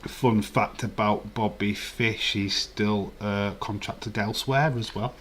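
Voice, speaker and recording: A man's voice: fairly low pitch, fairly even intonation, slow pace, a bit bright, a little hiss or hum. A man hosting a casual live stream, rambling and chuckling while reading the chat. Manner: rambling, chuckling, chatty asides.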